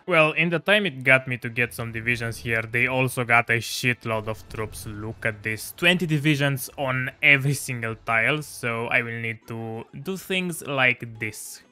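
A man's voice: mid-range voice, pushed and bright, clear, resonant tone. A man giving casual, exasperated commentary over a strategy game, swearing and laughing at his own mishaps. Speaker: strategy game video creator.

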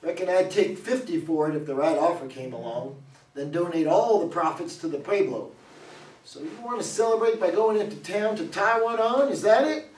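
Actor doing a bragging old cowboy museum owner, folksy drawl, reedy and high, miked from afar in an echoey hall. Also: male voice, expressive, moderate pace, darkish tone, far from the mic. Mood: cocky, folksy. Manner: folksy drawl, hammy and salesman-like. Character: boastful older male cowboy running a roadside museum. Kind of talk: reader's theater stage reading.

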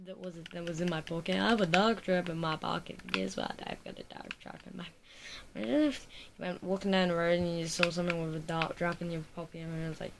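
A voice rambles and giggles through silly let's play commentary, low and gravelly in tone. The recording is noisy, with keyboard clicks clattering behind. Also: female voice, fairly even intonation, fast. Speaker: gaming video creator.

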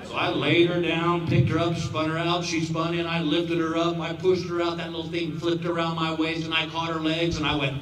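Animated stand-up comic man in his fifties. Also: a little high, normal speed, noisy background. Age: 50s. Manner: animated, acts out voices, laughs along. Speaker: stand-up comedian. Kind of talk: stand-up storytelling. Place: outdoor stadium show. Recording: echoey stadium sound from far off. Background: crowd laughter and ambience.

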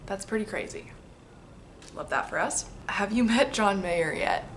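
A young woman in her twenties sits reading a letter from her past self and answers it aloud. Her voice sits at a middle pitch and her talk is chatty and excitable, turning reflective. A faint noise lies under the recording. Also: a little slow. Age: 20s. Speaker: musician reading an old letter to herself.

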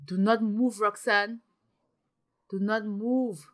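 Young woman, gameplay commentary, excitable, bright voice, slow unhurried delivery. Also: mid-range voice. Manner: excitable, gasping, frequent exclamations. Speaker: gaming channel host.

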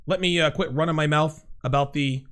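A gravelly man in his forties hosts a live call-in show. His voice sits a little high for a man. He talks in an animated, emphatic way and often repeats his phrases. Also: fairly quick. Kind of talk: casual call-in chat.

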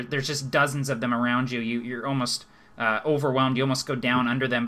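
Game master, male, bright tone, descriptive narration with pauses. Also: medium pitch.

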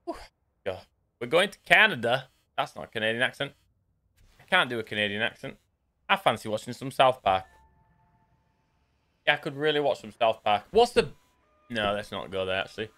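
A man's voice: on the low side, expressive, brisk, long pauses, pushed and bright. A young man chatting casually and rambling with jokey asides while live-streaming a shooter game.

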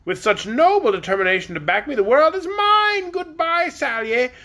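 Man doing a shrill pompous queen, storybook reading, high raised voice, grandly boastful. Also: sing-song, normal speed, pushed and bright, full character voice. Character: shrill self-important queen leading a tiny army.

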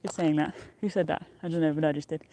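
A woman's voice: low-pitched, steady tone, fast, dark tone, no room sound. Cheerful rambling woman on a mountaintop. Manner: rambling, cheerful, laughs often. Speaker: outdoor vlogger. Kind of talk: casual live-stream chat. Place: outdoors on a mountain top.

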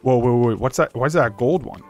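A man's voice: mid-range voice, quick pace, darkish tone, faint music behind. A man giving casual gameplay commentary, chatting to game characters and calling them buddy. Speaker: let's play host.

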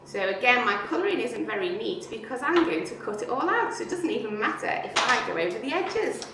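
A woman's voice: a little high, very animated, a little fast, very noisy. A woman showing young children how to make a paper donkey craft, chatty and playful, asking them questions as she works. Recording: very echoey and distant.

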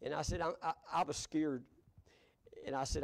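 An older man with a drawl preaches in a church, leaning into folksy storytelling. His voice sits high for a man, and he chuckles easily between lines. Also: steady tone, moderate pace, creaky. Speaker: pastor. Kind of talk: storytelling sermon. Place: church sanctuary.

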